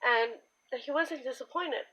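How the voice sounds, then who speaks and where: A young woman telling her own story in a candid, halting way, with many pauses and fillers. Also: high-pitched, sharp tone, poor audio. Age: young adult. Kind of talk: personal storytime monologue.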